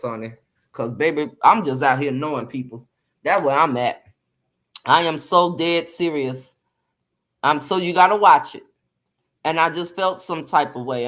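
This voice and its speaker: A woman in casual chat, talking sassy and emphatic. She hammers her points home by repeating them and swinging her pitch high and low. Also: fairly bright tone. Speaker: commentary livestream host. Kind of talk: casual chat, drama commentary.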